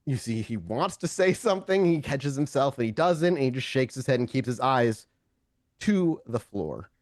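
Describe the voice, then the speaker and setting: A man narrating as game master in a tabletop game, halting with frequent restarts. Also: mid-range voice, lively intonation, darkish tone, no room sound, clean studio sound. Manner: halting, many restarts and fillers.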